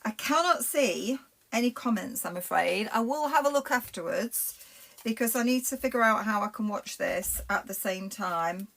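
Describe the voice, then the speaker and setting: Middle-aged woman with a Lancashire accent, craft presenter chatting live as she works, rambling and friendly, mid-pitch. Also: pushed and bright. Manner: chatty, rambling, talks to viewers while working with her hands. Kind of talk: live-streamed craft demonstration.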